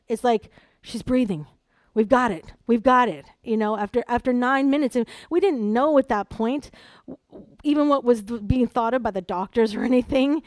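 A middle-aged woman preaches with an animated delivery, dropping to hushed storytelling and rising to loud, emphatic calls. Her voice sits fairly high, and the recording is dry and close. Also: dry recording. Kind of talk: sermon.

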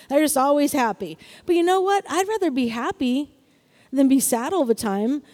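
A woman's voice: high voice, expressive, normal speed, a little mellow, long reverb tail. A woman preaching a sermon in an upbeat way, often asking the congregation "Amen?".

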